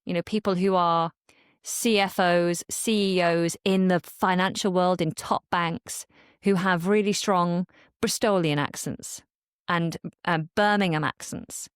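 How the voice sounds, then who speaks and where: Measured English woman with an RP accent. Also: fairly low pitch, fairly even intonation, smooth, dry recording, clean studio sound. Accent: modern RP English. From Manchester, England. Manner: thoughtful, measured, with small restarts. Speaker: guest, accent coach. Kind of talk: podcast interview.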